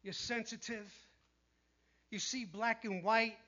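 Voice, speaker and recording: A man preaching a sermon in an animated way, dropping to a hush when he quotes the tempters. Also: high-pitched, takes it slowly. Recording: dull lo-fi sound.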